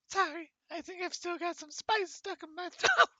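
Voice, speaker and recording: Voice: bright, forceful tone, no echo, lo-fi sound, heavily acted. A streamer voicing a solemn spirit in a hallucination that keeps breaking into coughs while delivering a prophecy. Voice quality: high, strained, coughing. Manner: grandly solemn, interrupted by coughing fits. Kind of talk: game dialogue read aloud by a streamer.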